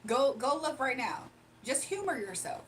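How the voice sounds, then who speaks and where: A woman's voice: high voice, big pitch swings, moderate pace, a little hiss or hum. A young woman livestreamer chatting casually and reading her chat aloud, sarcastic and playful, laughing often.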